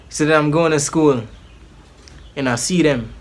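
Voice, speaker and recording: A man's voice: fairly high pitch, normal speed, pauses often. A man telling a personal story in a casual vlog, rambling and slangy, with many restarts. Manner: animated, acts out the people in his story.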